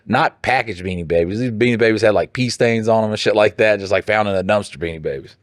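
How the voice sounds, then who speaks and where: Low-voiced guy on a podcast, cussing and cracking jokes, dead dry mic. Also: fast talker, no room sound. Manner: animated, joking, breaks into laughter, jumps up in pitch for mock voices. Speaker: podcast co-host reading listener posts. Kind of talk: casual profane banter.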